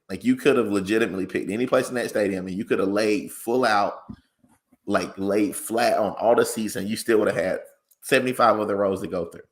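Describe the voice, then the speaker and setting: A tired man co-hosting a casual sports talk show, talking in a measured, conversational way. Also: lowish voice.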